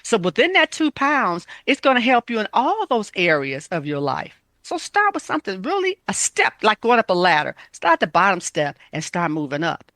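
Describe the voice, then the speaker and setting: A woman's voice: mid-range voice, huge pitch swings, moderate pace, hardly any pauses, a bit bright, no echo. A woman health coach giving casual, emphatic self-care advice, repeating her points.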